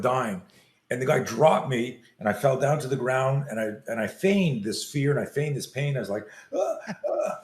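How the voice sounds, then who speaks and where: A man and self-defense coach telling a story in an interview, animated, acting out the scenes as he goes. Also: mid-range voice, roomy sound.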